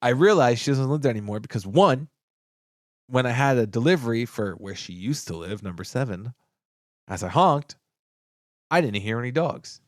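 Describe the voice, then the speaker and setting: Animated man telling a story, lively pitch. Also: moderate pace, pauses often, no echo, clean studio sound. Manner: animated, profane, acts out quoted lines with big pitch jumps. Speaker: podcast co-host. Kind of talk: casual storytelling chat.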